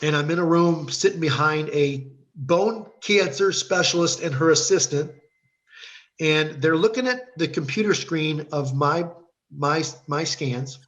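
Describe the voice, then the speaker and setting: A man's voice: a little high, unhurried, a bit bright. A middle-aged man from Ohio, a guest telling his faith testimony in an earnest, storytelling way over a video call. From Ohio, USA. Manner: earnest storyteller who acts out quoted dialogue.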